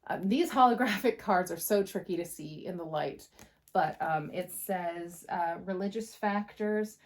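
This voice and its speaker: A woman giving a casual tarot reading to camera, blunt and passionate, swearing freely and talking in quick bursts. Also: on the low side. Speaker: tarot reader.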